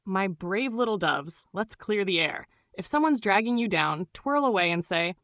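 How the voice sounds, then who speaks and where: A woman's voice: mid-range voice, animated, moderate pace, a bit bright, dry recording, clean studio sound. A woman reading scripted narration in a gushing, doting way, full of pet names.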